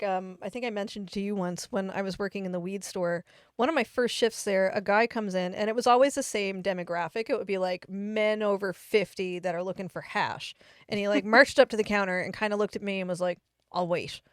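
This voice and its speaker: A woman's voice: medium pitch, smooth, dry recording, clean studio sound. Chatty woman co-hosting a podcast. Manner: chatty, uses "like" as filler. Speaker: podcast co-host. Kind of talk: casual podcast chat. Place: studio.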